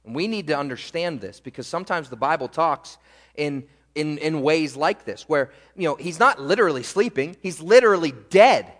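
A middle-aged male pastor preaching a sermon in a church, animated, asking the congregation rhetorical questions. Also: a little high, normal speed, big-room sound. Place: church sanctuary.

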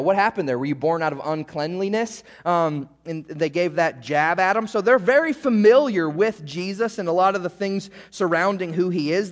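Lively high-voiced preacher in a hall. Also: male voice. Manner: conversational preaching, frequent "right?" check-ins. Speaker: pastor. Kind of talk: sermon.

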